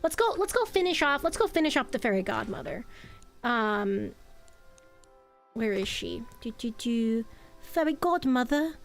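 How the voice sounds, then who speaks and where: A woman with a high, bright speaking voice, chatting with her live viewers while she plays. Her talk is playful and rambling, full of asides and jokes. Soft game music sits faintly behind her. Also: very animated, measured pace. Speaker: streamer. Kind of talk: live game-stream chat.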